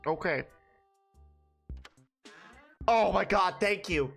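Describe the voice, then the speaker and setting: A woman's voice: medium pitch, slow, creaky, pauses often, fairly bright tone, faint music behind. A woman streamer reacting in casual, exasperated chat while playing a game, swearing freely.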